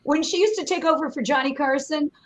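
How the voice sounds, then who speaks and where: A woman comedian guesting on a podcast, chatty and animated as she tells stories. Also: high voice, a little fast, low-quality recording. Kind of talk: casual podcast chat.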